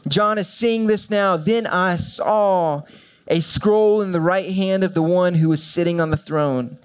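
Preacher guy, bit higher voice than most, goes quiet then ramps way up, repeats lines for punch. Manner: swings from quiet and low to loud, high-pitched emphasis; repetitive, building rhetorical preaching. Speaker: pastor. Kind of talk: sermon.

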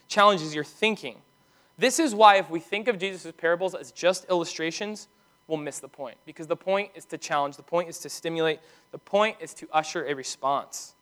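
Man, pastor, high voice, emphatic sermon delivery. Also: fairly bright tone. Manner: earnest, emphatic preaching with slowed, stressed commands.

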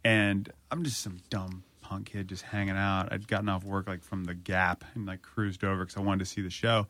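Bright-voiced man telling self-mocking stories. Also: deep voice, level tone, normal speed, dry recording. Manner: self-mocking storyteller, quoting himself. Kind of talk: casual chat.

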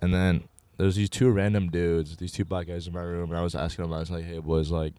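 A young man guest tells his story in a laid-back way, calling people "bro." His voice is very deep and mellow. The sound is dry and close. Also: little pitch movement, fast talker, clean tone, no room sound. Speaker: podcast guest. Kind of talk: casual storytelling.

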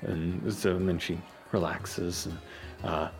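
A man narrating as game master of a tabletop game, lively and halting, with many fillers. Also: deep voice, vocal fry, faint music behind.

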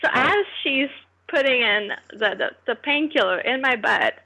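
A woman from Canada, a podcast guest, telling a story in an animated way and often laughing as she talks. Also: high-pitched, moderate pace, gravelly, breathy edge, low-quality recording. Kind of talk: casual storytelling.

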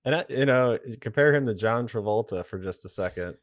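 A man's voice: medium pitch, a little fast, dry recording, clean studio sound. A man in his forties, a retired military aviator, talking as a guest on a podcast in a wry, blunt, explanatory way. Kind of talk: casual podcast conversation.

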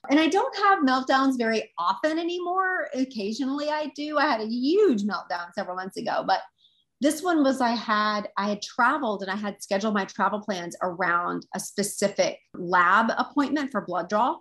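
A woman's voice: fairly high pitch, lively intonation, moderate pace, fairly bright tone. A woman guest who teaches intuitive development, telling a story in an earnest, reflective casual chat.

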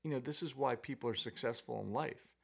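A middle-aged man with a gravelly, creaky voice settles into a relaxed guest chat on a podcast. He rambles through stories in an easy, self-deprecating way. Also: medium pitch, a little fast. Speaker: podcast guest, former tennis coach. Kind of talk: casual storytelling chat.

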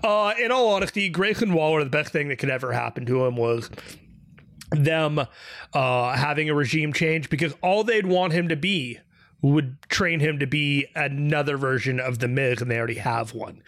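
A man's voice: fairly high pitch, moderate pace, a bit bright, dry recording. A man appearing as a guest on a casual podcast. He talks in a wry, self-deprecating way and laughs often.

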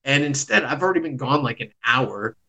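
A man's voice: medium pitch, expressive, a little fast, gravelly, bright, forceful tone, poor audio. Rambling man telling stories. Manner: rambling storyteller, swears freely. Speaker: podcast host. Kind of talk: casual podcast chat.

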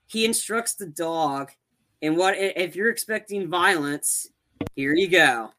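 A man with a slightly high, sharp-toned voice casually recaps a film's plot. He rambles with lots of restarts and fillers, acting out the characters' lines.

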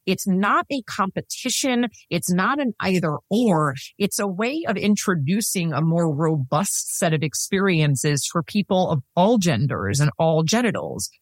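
A woman with a fairly low voice speaks in a podcast interview, earnest and emphatic, hammering home her main points. She laughs easily but stays serious. The sound is dry and close, with no room around it. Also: lively intonation, measured pace, hardly any pauses, dry recording. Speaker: sex and intimacy coach, podcast guest.

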